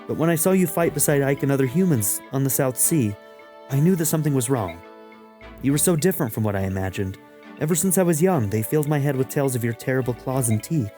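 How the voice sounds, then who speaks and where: A man's voice: mid-range voice, warm tone, lightly acted. A man voicing an earnest young female soldier in a video game let's play, asking searching questions.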